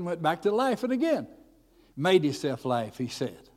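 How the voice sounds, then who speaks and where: A man preaching a storytelling sermon in a folksy, animated way, with many fillers and restarts. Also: fairly high pitch, normal speed. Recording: echoey hall.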